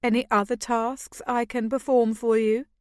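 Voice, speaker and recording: A woman voicing a calm, soothing young nobleman in an audiobook. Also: on the high side, moderate pace, dry recording, studio quality, close to an everyday voice. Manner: smooth and soothing. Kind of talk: audiobook character voice.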